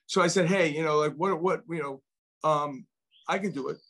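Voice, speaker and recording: A man's voice: a little high, normal speed, fairly bright tone. A middle-aged man telling a long personal story as an interview guest, rambling with many restarts and repeated words. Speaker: guest, venture investor.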